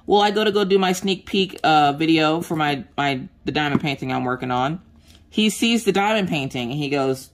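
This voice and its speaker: A woman's voice: low-pitched, a little fast. A woman, chatting casually and acting out the voices in her story while she crafts. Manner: animated storyteller acting out quotes, mild swearing. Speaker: craft vlogger.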